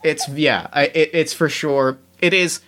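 A man's voice: fairly high pitch, fairly even intonation, measured pace, sharp tone. A man chatting casually as a tabletop game player, rambling and interrupting himself with jokes. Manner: rambling, self-interrupting, jokey. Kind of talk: casual chat.

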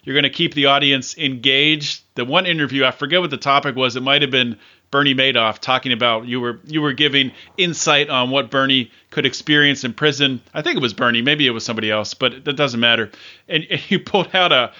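A man's voice: medium pitch, brisk, bright, forceful tone, muffled recording. A man hosting an interview, chatting in a friendly way and often restarting his sentences. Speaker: podcast host. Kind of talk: casual interview chat.

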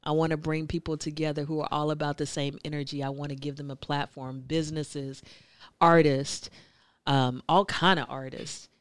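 A woman host reciting her own spoken-word poetry in a measured, deliberate way. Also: low voice, little pitch movement, smooth, dry recording. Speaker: podcast host and poet. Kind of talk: slow spoken-word poetry, then casual talk.

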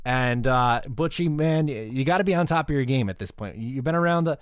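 A man's voice: mid-range voice, fairly quick, clear, resonant tone, no room sound, studio quality. A man co-hosting a casual podcast chat, joking and teasing. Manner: lively, joking, mocking. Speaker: co-host.

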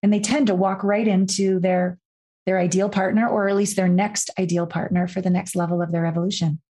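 A woman's voice: mid-range voice, fairly quick. A woman who works as a life and intimacy coach, talking as a podcast guest and acting out the voices in her stories. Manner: animated storyteller, acts out quoted voices, swears freely.

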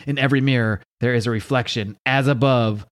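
A man's voice: medium pitch, fairly even intonation, brisk, natural voice. A man voicing a possessed demonic male sasquatch that taunts in a cruel, sinister way. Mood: menacing.

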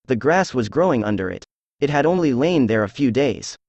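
A synthesized male voice reading the lines of a confident, precise male detective in an even, measured way. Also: medium pitch, dry recording, muffled recording. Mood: calm.

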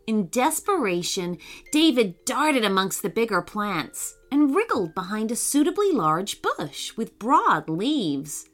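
Slow, lively woman reading a storybook. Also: a little high, soft background music. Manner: reads slowly, puts on voices for characters.

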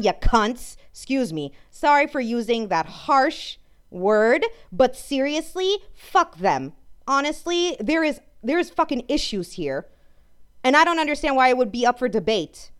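In a high, sing-song voice that is clear and resonant, a podcast host from France rants unhurriedly and angrily in a monologue. Profanity runs throughout, and she often cuts herself off mid-sentence.

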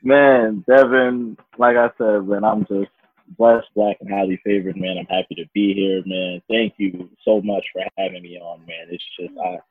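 A man's voice: lowish voice, steady tone, normal speed, husky, dry recording, phone-quality sound. A man guesting on a podcast, talking in a laid-back, slangy, grateful way. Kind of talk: casual interview chat.

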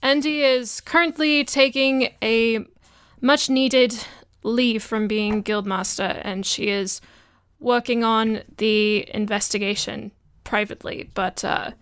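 A woman voicing a stressed male guild official who speaks in a halting, weary way. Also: on the high side, steady tone, a bit bright, clean tone, no room sound, clean studio sound.

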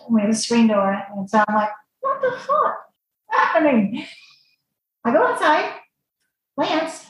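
Animated woman storyteller, echoey room. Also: a little high. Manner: animated, emotional retelling with restarts. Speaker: guest, former client. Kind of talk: telling a personal story. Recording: strong room echo.

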